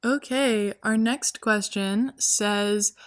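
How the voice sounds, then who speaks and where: Female podcast host in a prophet persona, rambling and offhand, mid pitch, dry room. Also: steady tone, extremely slow, clean tone, dry recording. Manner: rambling, offhand, full of "um" and "like", tangents. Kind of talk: rambling comedic monologue.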